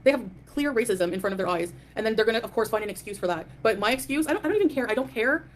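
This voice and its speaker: A woman's voice: on the high side, expressive, racing, a little hiss or hum. A woman hosting a live stream, ranting in a defiant, dismissive way and greeting chat viewers. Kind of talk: casual live stream rant.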